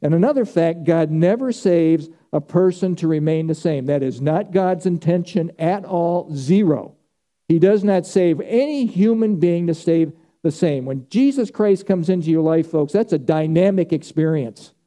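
A middle-aged male pastor delivering a sermon. He speaks in a high, very dark and mellow voice, and he presses his points home by repeating them. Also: moderate pace. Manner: emphatic, repeats key phrases.

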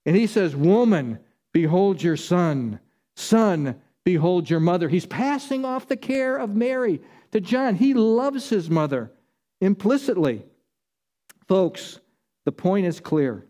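A man's voice: high-pitched, darkish tone. A man preaching a sermon, emphatic, repeating his key phrases.

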